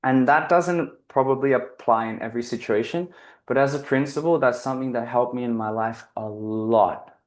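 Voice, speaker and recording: A man's voice: medium pitch, normal speed. A man giving a casual, reflective spiritual talk, telling a personal story in an earnest, rambling way, often restarting his sentences and leaning on "like". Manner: earnest, rambling, self-correcting, heavy use of "like". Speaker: guest speaker on spiritual living.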